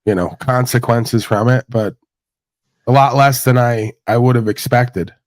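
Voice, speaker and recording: A man's voice: mid-range voice, fairly even intonation, unhurried, no echo. A man hosts a loose livestream chat, talking bluntly and swearing freely. His voice sits close and dry, with no room around it. He laughs often between his points. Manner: blunt, profane storytelling with frequent laughs. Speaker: host.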